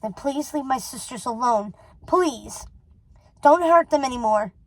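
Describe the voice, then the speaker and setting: A woman's voice: sits high, lively intonation, measured pace, full character voice. Woman doing a desperate young witch daughter. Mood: urgent. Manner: pleading and urgent.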